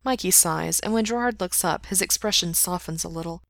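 A woman reads a story aloud in a steady, intimate way, her low voice carrying a gravelly fry. The recording is dry and close, with no room sound. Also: fairly quick, no room sound. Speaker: story reader. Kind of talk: reading fan fiction aloud.

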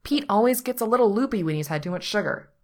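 A woman's voice: medium pitch, expressive, fast talker, a little mellow, voice pushed up, close to an everyday voice. A woman voicing a flustered, earnest young man who bakes for a living, speaking emphatically. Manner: emphatic, apologetic.

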